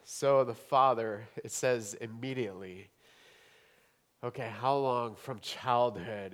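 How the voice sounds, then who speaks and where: A male pastor preaching a sermon, swinging between hushed, intimate stretches and rising, emphatic declarations. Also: medium pitch, slow, pauses often.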